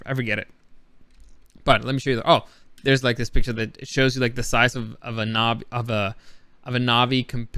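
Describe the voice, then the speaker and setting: A man's voice: mid-range voice, a bit bright, smooth, dry recording. A man vlogging casually, rambling and chatty as he comments on his own travel footage. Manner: rambling, chatty, many fillers and restarts.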